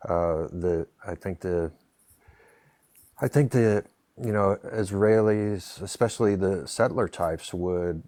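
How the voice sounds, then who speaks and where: Deep-voiced man speaking haltingly. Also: mellow, no echo. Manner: hesitant, many fillers and restarts. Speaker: panel guest. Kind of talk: casual live-stream discussion.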